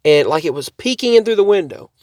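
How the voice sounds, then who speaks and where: A man's voice: sits high, very animated, quick pace, darkish tone, no echo. Man, casual rambling story, lots of restarts, dry close recording. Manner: rambling, repeats and restarts himself. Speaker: vlogger.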